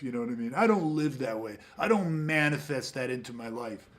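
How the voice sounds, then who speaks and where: A man's voice: mid-range voice, brisk, hardly any pauses. A man hosting a podcast, talking in a blunt, emphatic, profane way. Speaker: podcast host. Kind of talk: casual podcast talk.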